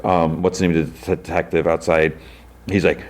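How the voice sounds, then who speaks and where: A man hosting a podcast, recapping an episode casually with many fillers and jumping up in pitch when he quotes characters. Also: moderate pace. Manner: animated retelling, jumps into character lines with a raised pitch. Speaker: podcast host.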